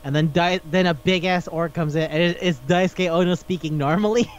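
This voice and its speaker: A young man co-hosting a casual podcast, swearing a lot and acting out characters in animated voices. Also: high voice, a little fast. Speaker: podcast co-host. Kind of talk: casual chat about anime. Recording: dull lo-fi podcast recording.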